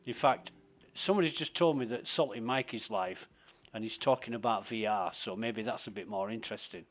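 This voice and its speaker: A man's voice: on the low side, fairly quick. A man, streaming a game live and giving rambling, profane, sardonic commentary.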